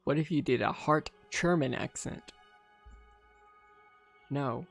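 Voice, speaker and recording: A man streaming a game, reading its story aloud with quick asides of his own. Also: medium pitch, vocal fry, slightly rough, no room sound, faint music behind. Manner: narrates steadily, breaks off with quick asides. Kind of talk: reading a visual novel aloud with commentary.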